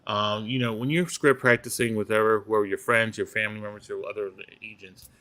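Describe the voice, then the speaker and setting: A man hosting a real estate podcast in casual chat, starting haltingly before giving his advice. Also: on the low side, steady tone, bright, forceful tone.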